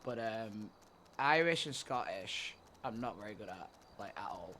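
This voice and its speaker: A man streaming a roleplay game, chatting with his viewers in a relaxed, rambling way and swearing freely. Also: lowish voice, measured pace, slight background noise. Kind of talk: casual chat with viewers during a roleplay stream.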